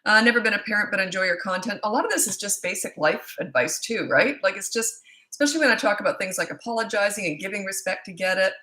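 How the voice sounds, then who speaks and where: A woman's voice: mid-range voice, expressive, fast talker, pushed and bright. A woman in her sixties, a parenting coach chatting casually on a live stream, reading out viewers' comments and rambling between them. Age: 60s. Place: home.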